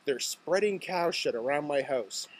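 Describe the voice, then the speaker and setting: A man voicing his older father, grumpy and indignant on the phone, with a husky voice. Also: on the high side, lively intonation, unhurried, poor audio.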